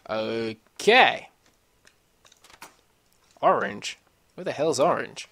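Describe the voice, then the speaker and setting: A man's voice: mid-range voice, animated, extremely slow, gravelly, pushed and bright. A man giving casual, rambling commentary over a video game at home, swearing often and talking to himself as he plays. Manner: rambling, swears a lot, talks to himself while playing. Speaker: gameplay commentator. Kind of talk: casual let's-play commentary. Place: home room with a computer.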